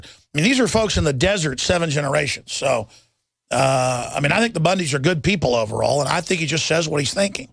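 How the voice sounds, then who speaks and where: A man's voice: fairly high pitch, lively intonation, fast, vocal fry, fairly bright tone, dry recording. A middle-aged man hosting a talk radio show, delivering an urgent, emphatic monologue and reading headlines aloud.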